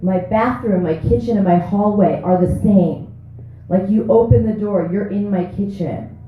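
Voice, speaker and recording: A woman's voice: mid-range voice, normal speed, slight background noise. A woman in her thirties doing a profane, brash stand-up set at an open mic. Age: 30s. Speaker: stand-up comic. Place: small comedy club stage. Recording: echoey room on a tinny, phone-like recording.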